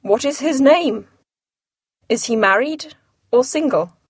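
A woman reading aloud, giving the lines of a dry, sarcastic older gentleman in a wry, understated tone. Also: high-pitched, lively intonation, slow, husky, no echo, exaggerated voice.

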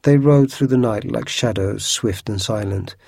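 Brief: male narrator, mellow dark tone, a bit breathy, expressive storybook reading. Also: fairly low pitch, unhurried, dry recording, clean studio sound.

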